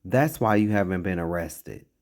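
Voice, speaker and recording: A man's voice: low voice, normal speed, a little mellow. A man giving blunt, profane, mocking reaction commentary on a clip.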